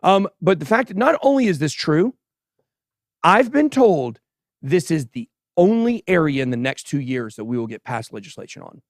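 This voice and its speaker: A man hosting a casual livestream crypto show, giving animated and sarcastic commentary as he chats with a co-host and the live chat. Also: fairly high pitch, normal speed, dry recording, studio quality. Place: show studio stage.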